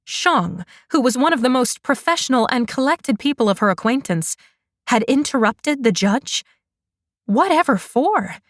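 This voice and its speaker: A woman narrating a fantasy romance audiobook in a measured, unhurried manner. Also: on the high side, sing-song, dry recording, clean studio sound.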